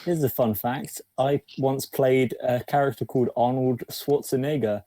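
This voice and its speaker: A man's voice: medium pitch, fairly even intonation, normal speed, mellow, no echo. A man playing a tabletop game, chatting casually with wry jokes. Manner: wry, joking. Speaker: player. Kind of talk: casual chat.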